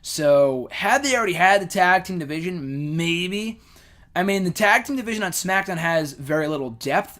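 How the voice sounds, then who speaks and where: Chatty man with a higher voice. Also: a bit bright. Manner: rambling, loose and opinionated with frequent fillers. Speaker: host answering fan questions. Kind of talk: casual chat.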